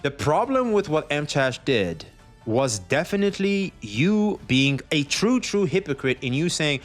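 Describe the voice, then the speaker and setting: A man's voice: fairly high pitch, unhurried, faint music behind. A man streaming commentary on online drama, talking casually with lots of profanity and acting out what others say. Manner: animated, profane, acts out others in quoted voices.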